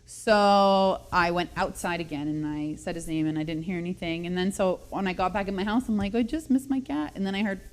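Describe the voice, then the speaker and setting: A woman's voice: fairly low pitch, fairly even intonation, a little fast, few pauses. A woman in her thirties hosting a radio show, telling a long story in a chatty, self-mocking way and laughing often. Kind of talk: casual radio chat, storytelling.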